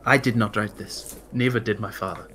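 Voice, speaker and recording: A man's voice: fairly low pitch, brisk, fairly bright tone, slight background noise, voice pushed down, natural voice. A man voicing a nervous young nobleman's son who begs for help, in a near-normal voice. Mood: pleading. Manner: begging, anxious.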